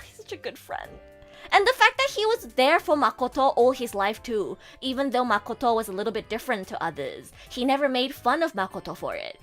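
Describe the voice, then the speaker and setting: Gushing, excitable young-sounding woman streamer. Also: fairly high pitch. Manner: gushing, excitable, lots of fillers. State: emotional, near tears at times. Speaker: VTuber streamer. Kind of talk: casual livestream chat.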